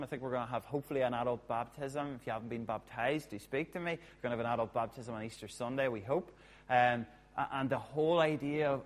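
A man preaching a sermon as a pastor, chatty and jokey with quick asides. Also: medium pitch.

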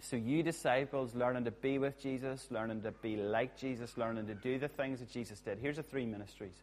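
A man preaching a sermon as a pastor, chatty and jokey with quick asides. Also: mid-range voice, fairly even intonation, darkish tone.

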